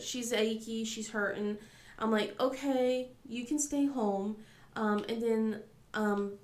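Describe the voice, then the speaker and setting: A woman's voice: a little high, echoey room. A woman with a cold and a scratchy throat, chatting casually as a crafting vlogger, rambling with lots of ums and laughing often. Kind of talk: casual chat.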